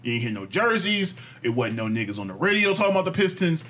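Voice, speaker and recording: A man's voice: fairly high pitch, big pitch swings, quick pace, a bit bright. A man in casual podcast chat, ranting bluntly and profanely and repeating his point over and over. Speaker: podcast co-host.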